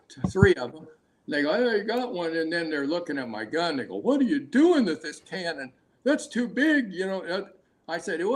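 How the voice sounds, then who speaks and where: High-voiced older man telling hunting stories. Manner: rambling, laughs often, many restarts. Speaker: hunting guide, guest. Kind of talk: casual storytelling interview.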